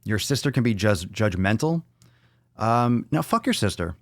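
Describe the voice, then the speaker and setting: A man's voice: fairly low pitch, very animated, moderate pace, dry recording, studio quality. A man hosting a live Q&A podcast, casual and playful, swearing freely and joking around as he answers questions. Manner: profane, playful, goofing with mock self-scolding. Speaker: podcast host.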